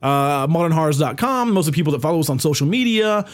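A man's voice: on the high side, animated, quick pace. Rambling, foul-mouthed male podcast host. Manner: loose, rambling, swears freely, many fillers. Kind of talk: casual chat.

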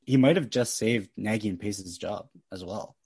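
A man's voice: fairly low pitch, moderate pace, crowd noise. A man co-hosting a casual sports chat, telling stories with animation and laughing often. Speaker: podcast co-host.

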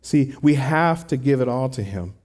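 A man's voice: medium pitch, lively intonation, normal speed, darkish tone. A man preaching a sermon in an earnest, conversational way, talking to the congregation with rhetorical asides. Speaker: pastor.

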